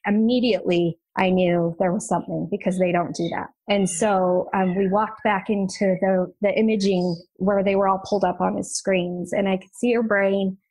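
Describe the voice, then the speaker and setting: A woman, a mother and podcast guest, earnestly retelling a hard family story in a quick, tumbling way with restarts. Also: mid-range voice, fairly even intonation, darkish tone, poor audio. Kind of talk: emotional personal storytelling.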